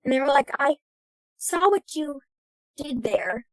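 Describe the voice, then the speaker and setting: A woman's voice: high voice, animated, a little slow, no room sound, poor audio. A young American woman, an actress, talking thoughtfully as a podcast guest. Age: young adult. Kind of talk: casual interview.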